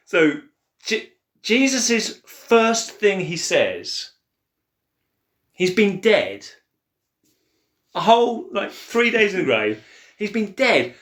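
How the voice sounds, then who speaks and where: Man, higher voice, lively swings, talking Bible in an echoey room; animated, acts out quotes. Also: slow, pauses often. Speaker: co-host of a church Bible podcast. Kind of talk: casual Bible discussion.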